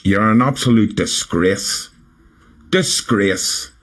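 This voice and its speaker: A man's voice: fairly low pitch, takes it slowly, a bit bright. A man on a livestream, indignantly scolding someone. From England. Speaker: livestream guest. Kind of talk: angry livestream rebuke.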